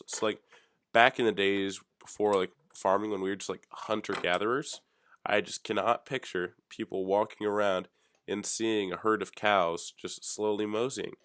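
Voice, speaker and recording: A young man hosting a solo talk show, rambling through offhand, deadpan, jokey musings. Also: fairly low pitch, no room sound, clean studio sound. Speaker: podcast host.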